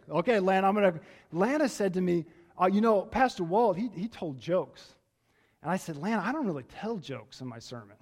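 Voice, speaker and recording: A man's voice: on the high side, a little mellow. A man, a pastor, preaching a conversational sermon in a church, telling stories with frequent restarts.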